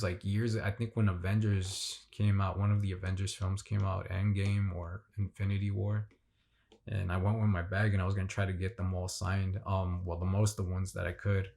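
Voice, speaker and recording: A man with a very low, gravelly voice tells the story of a fan signing in a loose, excited vlog. He rambles, restarts often and leans on fillers as he goes. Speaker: vlogger. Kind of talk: casual vlog recap.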